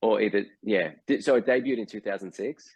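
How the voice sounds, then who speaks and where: A man's voice: on the low side, fairly quick, muffled recording, a crowd in the background. A man in his forties with an Australian accent, a guest actor telling stories in a casual video-call interview, hesitant with many fillers.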